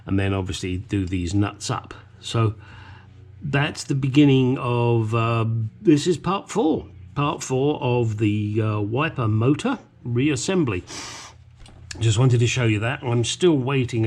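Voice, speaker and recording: Home mechanic, male, slow and husky, low voice, rambling with cheeky jokes between steps. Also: darkish tone. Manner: rambling, self-deprecating, cheeky asides. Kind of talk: hands-on workshop demonstration.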